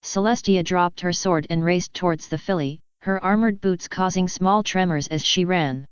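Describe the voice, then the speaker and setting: A woman narrating a fan-fiction story as an audiobook in a steady, even storytelling manner. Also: fairly low pitch, normal speed, clear, resonant tone, no room sound.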